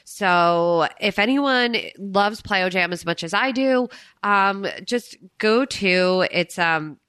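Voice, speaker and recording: A woman's voice: mid-range voice, slow, fairly bright tone, clear, resonant tone, dry recording. A woman hosting a podcast in casual chat, bubbly and effusive, who teaches dance fitness classes. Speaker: podcast host.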